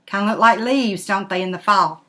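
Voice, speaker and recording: An older woman, a grandmother, reading a picture book aloud in an animated way and asking the listener questions. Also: mid-range voice, normal speed. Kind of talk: storybook read-aloud.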